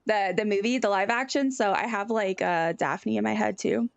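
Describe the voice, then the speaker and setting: A woman streamer chatting casually on a live stream, animated and giggly. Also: mid-range voice, normal speed, gravelly, dry recording, muffled recording.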